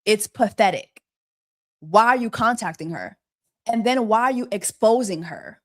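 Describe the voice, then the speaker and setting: A woman with a slightly high voice hosts a casual gossip livestream. She talks with exasperation and piles on rhetorical questions. She mocks her subjects with quacking bird jokes. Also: animated, unhurried. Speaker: host of a celebrity gossip livestream.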